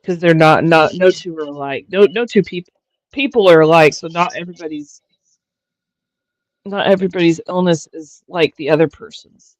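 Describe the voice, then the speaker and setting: A woman hosting a livestream, chatting casually in a halting way with frequent restarts and fillers. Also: fairly low pitch, no room sound, poor audio. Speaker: livestream host. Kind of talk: casual chat.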